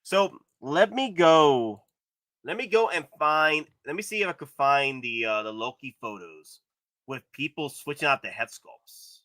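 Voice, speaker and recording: A man hosting a live stream, commenting excitedly on collectible figures and gushing with repeated exclamations. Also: on the high side, unhurried, no echo, studio quality. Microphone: streaming setup.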